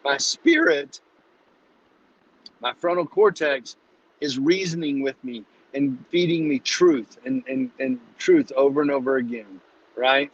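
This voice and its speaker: A man hosting a live-streamed Bible study, teaching in a casual, energetic, preachy way and calling listeners "dude". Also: fairly high pitch, measured pace, a little hiss or hum. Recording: dull lo-fi live stream audio.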